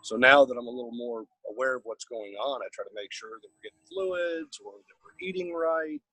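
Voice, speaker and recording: Guy from chicago on a video call, husky voice, dry sound, rambles with lots of you knows. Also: medium pitch, fairly quick, dry recording, low-quality recording. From Chicago area. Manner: relaxed, rambling, many fillers. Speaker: caregiver partner. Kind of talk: casual personal sharing on a group call.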